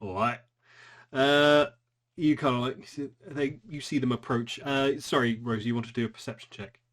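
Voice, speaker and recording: A man narrating a tabletop game as game master, halting with frequent ums. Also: mid-range voice, fairly even intonation, fairly bright tone. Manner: hesitant, many ums and restarts.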